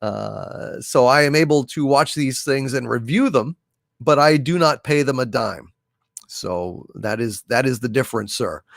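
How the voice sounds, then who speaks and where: A man's voice: medium pitch, lively intonation, vocal fry, fairly bright tone, no room sound, clean studio sound. A man hosting a casual livestream, reading out viewer messages and answering them in a blunt, profane way. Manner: blunt and profane, drawn-out emphatic delivery. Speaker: livestream host.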